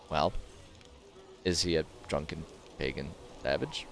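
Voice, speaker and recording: A man's voice: deep voice, huge pitch swings, normal speed, gravelly, pauses often, bright, forceful tone, soft background music. A man streaming a video game, commenting casually with sarcastic jokes at the characters. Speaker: gaming streamer.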